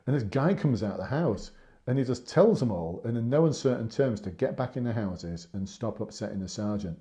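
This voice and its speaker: A man's voice: on the low side, animated, a little fast, mellow. A man in his fifties, a former police sergeant, giving casual, earnest advice on a live stream and repeating his points for emphasis. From England.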